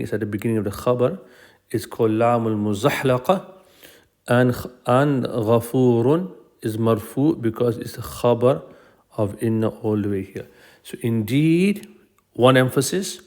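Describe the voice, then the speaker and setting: Male teacher, mid-pitched, calm step-by-step explainer for a recorded grammar lesson. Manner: patient, explanatory, repeats key phrases.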